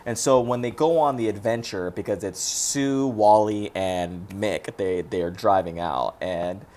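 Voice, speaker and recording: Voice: low-pitched, measured pace, a little mellow. A co-host in casual movie chat, retelling scenes in a rambling way with many restarts.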